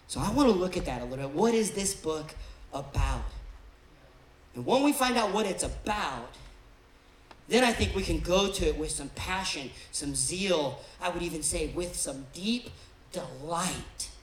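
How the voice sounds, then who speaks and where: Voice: medium pitch, animated, moderate pace, roomy sound, slight background noise, low-quality recording. A pastor giving a sermon in a church in a conversational way, now and then acting out the voices of the people being described. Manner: conversational, acts out quoted people in different voices. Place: church auditorium.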